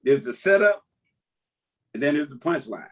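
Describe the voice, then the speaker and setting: A man, a comedian, chatting casually on a podcast and telling jokes as an animated storyteller who laughs at his own lines. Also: fairly high pitch, moderate pace. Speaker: comedian guest.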